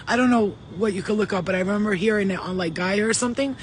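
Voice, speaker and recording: A man with a notably high-pitched voice talks straight to his viewers in a loose, rambling vlog. He swears freely and gets excitable, jumping from one story to the next. A faint hum of background noise sits under his voice. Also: low-quality recording. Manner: profane, rambling, excitable, talks in quick digressions. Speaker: spiritual channeler and vlogger. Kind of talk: casual rambling monologue.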